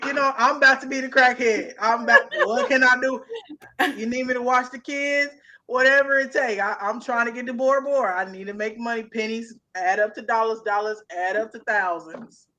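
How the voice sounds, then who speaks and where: Bright-voiced young woman, animated. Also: on the high side. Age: young adult. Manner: animated, drawn-out emphatic hustle talk. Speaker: podcast co-host. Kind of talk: casual chat.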